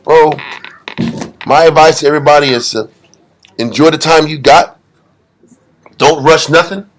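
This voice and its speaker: A man's voice: on the high side, steady tone, unhurried. A man leading a group scripture study, preaching in a blunt, emphatic way with street slang. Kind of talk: informal Bible study sermon.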